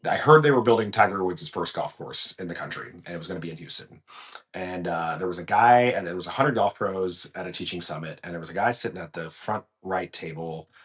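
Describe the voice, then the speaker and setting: A man, a golf professional, telling his career story as a podcast guest in a lively, restarting style. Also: low voice, brisk. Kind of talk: casual storytelling interview.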